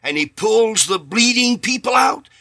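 High, bright-voiced emphatic preacher man. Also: animated, measured pace. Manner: emphatic preaching with sudden swells and hushed drops; acts out bits of dialogue in his sermon. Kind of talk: radio sermon.

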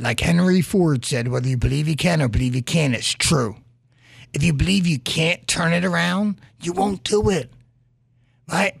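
Guy doing a motivational podcast rant, gravelly and kinda husky, dry close sound. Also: a little high, no room sound. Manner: earnest, storytelling, with frequent "right?" asides. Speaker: podcast host. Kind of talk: motivational monologue.

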